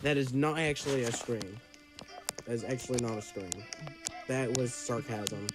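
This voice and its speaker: A young man streaming a game, chatting and reacting with sudden loud yelps. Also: medium pitch, moderate pace, rough recording. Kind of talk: casual gameplay commentary. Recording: game music playing behind.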